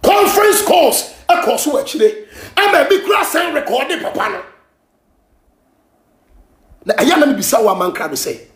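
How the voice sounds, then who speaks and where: A Ghanaian man hosting a gossip show, ranting and scolding in heated commentary, often shouting, switching between Twi and English. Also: very high-pitched, big pitch swings, moderate pace, long pauses, reverberant, a little hiss or hum.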